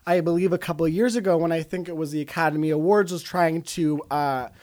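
A man's voice: on the high side, fairly even intonation, fast talker, darkish tone, lightly acted. Man doing a vain, ditzy female movie star. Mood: airy, self-important. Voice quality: breezy, self-absorbed, scatterbrained. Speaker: guest in character. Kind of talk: improvised comedy character.

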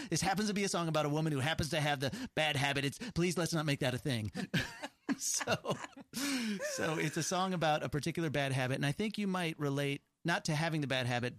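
A man chatting as a musician guest, joking with quick asides and frequent laughs. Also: fairly high pitch, a bit bright. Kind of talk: casual chat and comic song intro.

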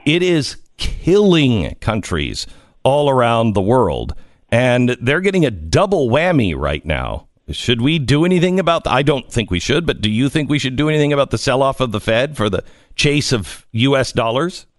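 A man's voice: mid-range voice, big pitch swings, moderate pace, dry recording, clean studio sound. A man hosting a radio talk show, talking casually with frequent stumbles and restarts.

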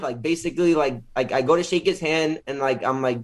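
A man being interviewed as a guest, casually retelling a story with lots of filler words and animated quotes. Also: medium pitch, brisk, few pauses.

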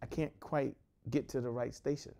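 A man from Washington, D.C. in his forties, hosting a motivational sales talk with an energetic, repetitive delivery. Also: mid-range voice, normal speed, gravelly. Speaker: host, sales coach.

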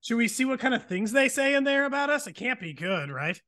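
A man's voice: very high-pitched, big pitch swings, a little fast, bright, forceful tone. A man co-hosting a podcast, talking in a casual, self-deprecating way and laughing often. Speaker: podcast co-host. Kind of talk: casual chat.

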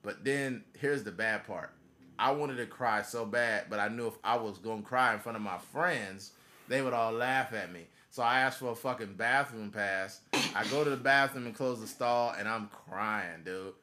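A man's voice: lowish voice, normal speed, pushed and bright, a little hiss or hum. A man in his thirties hosting a podcast, telling a story in a casual, profane way and laughing as he goes. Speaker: podcast host.

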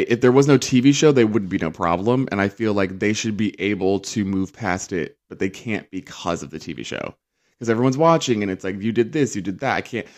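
A man hosting a casual reality TV recap, chatty and sarcastic, acting out quotes in mocking voices. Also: on the low side.

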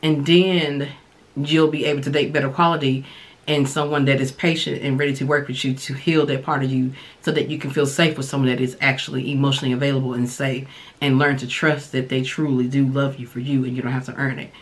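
A woman hosting a podcast, giving casual, candid dating advice and sharing her own experience in a relaxed, colloquial way. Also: very deep voice, brisk. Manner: relaxed colloquial delivery with frequent fillers. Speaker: podcast host and dating coach.

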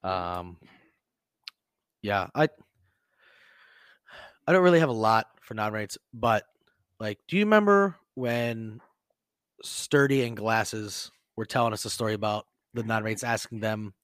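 Guy cohosting a podcast, cussing and yelling out the quotes in his stories, dead dry mic. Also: lowish voice, measured pace, long pauses, clear, resonant tone, dry recording. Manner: profane, animated storytelling with shouted quotes. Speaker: podcast co-host. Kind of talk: casual storytelling chat.

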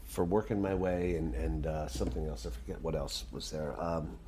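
A man telling a casual backstage story as an interview guest, animated, often restarting sentences and clearing his throat. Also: rumbling low, normal speed. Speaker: stage actor and guitarist, interview guest.

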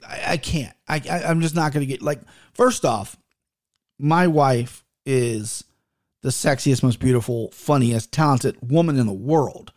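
A man in his thirties hosting a podcast, telling stories in a loose, rambling and profane way, with frequent restarts. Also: a little high. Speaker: podcast host. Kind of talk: casual rambling podcast storytelling.

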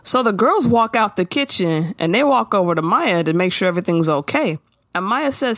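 A woman's voice: mid-range voice, moderate pace, no echo. A woman retells a TV episode in loose, profane chat, and her voice swings widely up and down as she tells it. The recording is close and dry, with no room sound. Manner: blunt, profane, animated storytelling. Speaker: podcast co-host recapping a TV episode. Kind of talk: casual chat.

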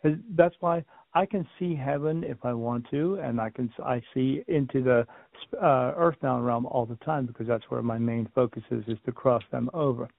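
A man with a gravelly, fry-laced voice talks through a remote interview, drifting from point to point and playing out little scenes. The sound is narrow and tinny, like a phone call. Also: medium pitch, normal speed, no echo. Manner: rambling storyteller, repeats and restarts, acts out quotes. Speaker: medium, podcast guest. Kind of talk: casual interview talk.

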